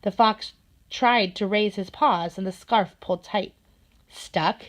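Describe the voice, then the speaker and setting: A woman narrating a children's storybook in a gentle, steady manner. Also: medium pitch, measured pace. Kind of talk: storybook read-aloud.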